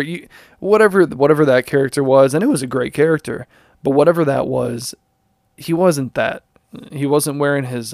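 A man talks his way through a casual solo podcast in an easygoing, rambling manner, often restarting his sentences and chuckling at his own asides. His voice sits at an ordinary pitch. The sound is dry and close, with no room around it. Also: gravelly, dry recording. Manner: reads text aloud flatly without doing impressions. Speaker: podcast host.

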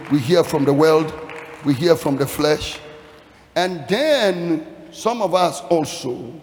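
A man preaching a sermon with emphatic delivery, swinging from hushed lines to shouted peaks and a chanting, sing-song cadence. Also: fairly high pitch, slight background noise. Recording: long hall reverb.

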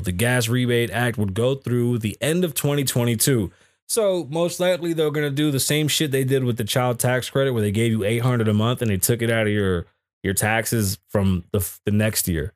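A man's voice: mid-range voice, no echo, clean studio sound. A man hosting a casual podcast, reading news stories aloud and cutting in with blunt, profane, mocking comments. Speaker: podcast host.

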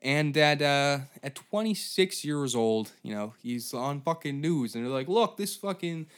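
A man's voice: medium pitch, unhurried, a bit bright, clean tone. A man hosting a comedy podcast, telling a story in a profane, rambling, sarcastic way. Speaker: podcast host.

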